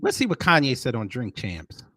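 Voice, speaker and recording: Animated man hosting reaction commentary. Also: medium pitch, normal speed, dry recording, clean studio sound. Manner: animated, swinging between loud emphasis and muttered asides; addresses viewers directly as folks. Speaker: commentary host.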